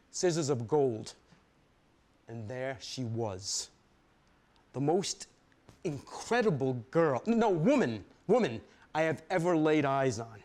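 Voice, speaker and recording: Animated New storyteller man. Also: on the high side. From Brooklyn. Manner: animated, profane, conversational. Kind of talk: live storytelling reading.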